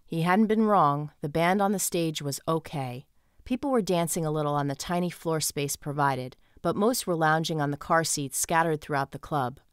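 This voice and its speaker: A woman with a low voice reads an audiobook in first person, with even, steady storytelling. The sound is dry and close. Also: normal speed, clear, resonant tone, dry recording. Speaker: audiobook narrator. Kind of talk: scripted first-person narration.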